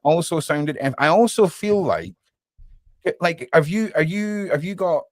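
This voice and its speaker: A man's voice: on the high side, animated, moderate pace, no echo. A man co-hosting a podcast in casual chat, talking bluntly and rambling with no filter. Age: adult, with a daughter. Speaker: podcast co-host.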